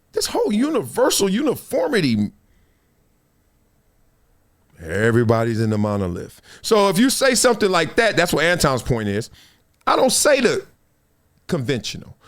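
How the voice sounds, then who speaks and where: A male podcast host with a fairly high voice that swoops up and down. He talks in a preachy, dramatic way, leaning into his points and playing out quick scenes with voices. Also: a bit bright. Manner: preachy, dramatic, acts out quotes. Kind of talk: animated commentary.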